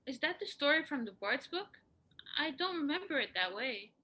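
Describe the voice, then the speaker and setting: A woman's voice: high voice, lively intonation, moderate pace, sharp tone, very echoey. A woman playing a doubtful noble lady at a feast in a stage comedy.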